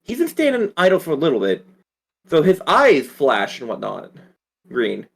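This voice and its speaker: Animated man running a tabletop game. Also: fairly high pitch, normal speed, vocal fry. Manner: animated, rambling with fillers. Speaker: dungeon master.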